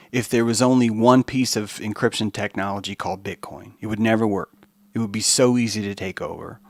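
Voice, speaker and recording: Animated swearing man ranting. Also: on the low side, dry recording. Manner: animated, profane, rambling. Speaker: podcast host. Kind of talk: monologue podcast rant.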